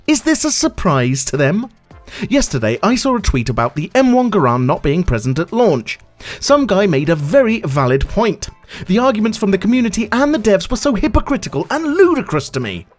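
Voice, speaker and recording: A man rants into the mic with a sarcastic, fed-up edge and a swearing habit. His pitch swoops widely up and down as he works himself up, and soft music plays faintly underneath. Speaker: gaming channel host. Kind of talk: ranting video commentary.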